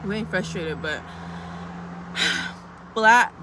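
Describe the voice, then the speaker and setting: A woman's voice: medium pitch, extremely slow, noisy background. A young woman in casual, blunt pep-talk mode, chatty and sweary, calling her viewers girl as she vlogs. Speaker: vlogger.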